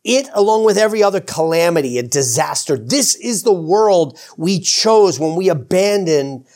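A man's voice: high-pitched, animated, moderate pace, a little mellow. A male pastor preaching a sermon in a loose, conversational way, with fillers, repeats and self-corrections.

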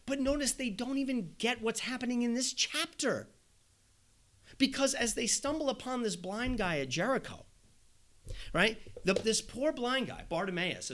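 Animated, bright-voiced male preacher. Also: high voice. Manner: animated, acts out quoted voices, rhetorical questions. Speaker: pastor. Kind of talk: sermon.

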